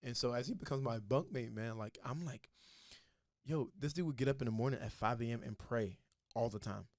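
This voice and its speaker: A man's voice: medium pitch, brisk, a little mellow, dry recording, studio quality. A young man, a podcast guest, telling his faith story in a casual, earnest way and acting out the voices of the people in it.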